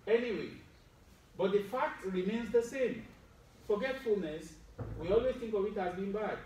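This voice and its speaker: A man's voice: sits high, moderate pace, a little mellow, a little hiss or hum. A man giving a Friday sermon, teaching with medical detail, putting questions to his listeners and adding wry asides. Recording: roomy echo, distant mic, faint ambience.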